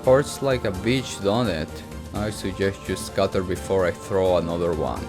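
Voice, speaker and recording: Brief: gruff, scrappy old granny with a bite, read by a man, low voice, music bed behind. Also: unhurried, lightly acted. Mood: furious. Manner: gruff, threatening. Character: fierce scrappy old grandmother. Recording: reading over clear background music.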